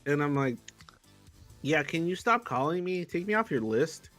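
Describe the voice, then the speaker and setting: A man's voice: fairly high pitch, sing-song, normal speed, a bit bright, faint music behind. A young man ranting in casual livestream chat, swearing heavily and sounding exasperated. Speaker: livestream co-host.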